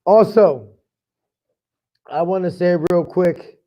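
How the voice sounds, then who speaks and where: A man's voice: sits high, slow, dull audio. A man hosting a fan sports podcast, fired up, profane and rambling with lots of "I mean". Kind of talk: casual fan commentary.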